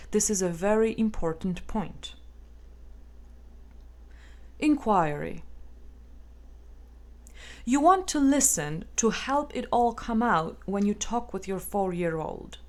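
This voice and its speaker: A woman narrating a self-help text in a calm, measured and gently instructive way. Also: medium pitch. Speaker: audiobook narrator.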